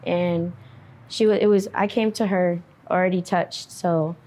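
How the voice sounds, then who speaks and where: Woman interviewee, dark mellow tone, monotone, halting testimony. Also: lowish voice. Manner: halting, many fillers, quiet and subdued. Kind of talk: personal testimony.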